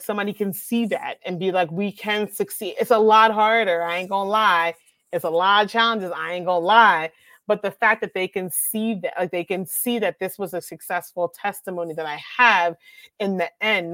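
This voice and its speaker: A young adult woman, an author talking in a casual conversation, animated and quick to laugh. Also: mid-range voice, no room sound. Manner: animated, laughs often, acts out voices. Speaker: author and speaker.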